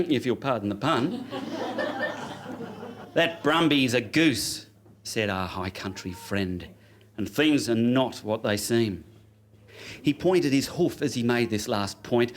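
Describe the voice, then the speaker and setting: An Australian man performing a spoken word poem on a pub stage with a theatrical, rhythmic delivery. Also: mid-range voice. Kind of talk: performance poetry.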